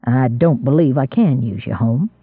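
A man voicing a gruff country squire. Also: mid-range voice, moderate pace, no room sound, phone-quality sound, pitched below the performer's own voice. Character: older rural male squire, gruff and dry.

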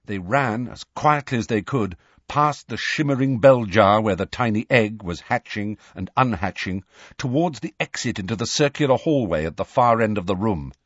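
A man narrates an audiobook with an expressive, dramatic reading and a lively, rising and falling voice. His tone is husky, and the recording is dry and slightly dull. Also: medium pitch, no room sound. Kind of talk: scripted narration.

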